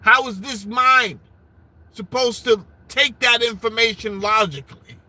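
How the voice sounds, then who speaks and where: A man hosting a live stream from his car, ranting loudly with constant swearing and jokes. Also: extremely high pitch, measured pace. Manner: loud, swearing, joking rants with bursts of laughter. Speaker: livestream host. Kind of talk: profane live-stream rant. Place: sitting alone in his car.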